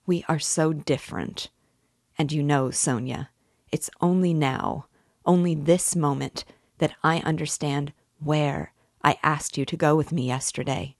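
A woman reading aloud the lines of an anguished young man confessing a crime, slow and earnest, rising to despairing cries. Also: low voice, creaky, a little mellow, no room sound, clean studio sound, heavily acted. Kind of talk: audiobook reading.

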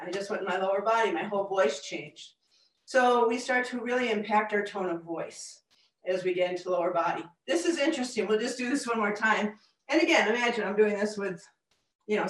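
A woman coaching a group in a live workshop, energetic and demonstrative as she walks them through movement exercises. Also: medium pitch. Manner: energetic, demonstrative, talks with gestures. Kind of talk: live presentation with audience exercises. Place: presentation room with a group. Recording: echoey room, mic far off.

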